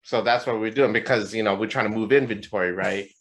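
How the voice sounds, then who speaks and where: A man co-hosting a podcast, telling a story in a casual, animated and profane way. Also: on the low side, fast talker. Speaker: podcast co-host. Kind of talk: casual chat.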